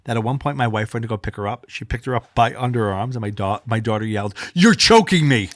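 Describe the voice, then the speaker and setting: A man in his thirties tells a story on a podcast, cursing freely and acting out every line of dialogue. His pitch swings high and low as he performs the quotes. The sound is close and dry, with no room around it. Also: quick pace, no echo. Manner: animated, swears freely, acts out quotes. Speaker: podcast co-host. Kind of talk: casual storytelling chat.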